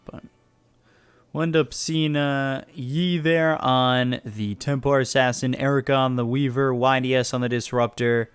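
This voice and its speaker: This American man casts an esports match in a relaxed, conversational play-by-play style. His mid-range voice is steady, unhurried, clear, and resonant, and the recording is dry.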